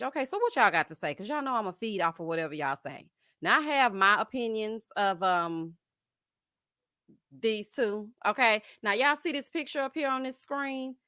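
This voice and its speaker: A woman hosting a live TV gossip stream, sassy and animated, calling her viewers honey and child. Her voice sits a little high and sounds bright and forceful. The sound is dry and close, with almost no room echo. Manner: laughs often, greets chat viewers. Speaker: TV recap show host.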